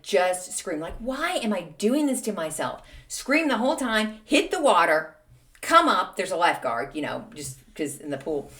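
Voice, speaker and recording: A middle-aged woman hosting a podcast, telling a story in a chatty, self-mocking way. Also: on the low side. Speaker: podcast host. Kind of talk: casual solo storytelling.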